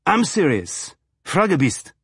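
A man's voice: a little high, very animated, measured pace, fairly bright tone, breathy edge, dry recording, voice pushed up, full character voice. Cocky, playful young officer, dry close sound; male narrator performs him. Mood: teasing.

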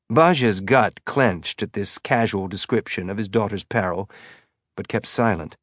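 A man reading a novel aloud in measured, tense scripted narration. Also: lowish voice, no echo, studio quality. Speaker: audiobook narrator.

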